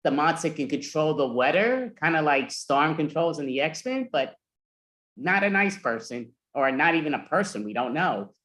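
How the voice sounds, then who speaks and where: A man telling spooky campfire rumors in an improv comedy scene over a video call, animated and mock-scared. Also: on the high side, moderate pace. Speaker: improv performer.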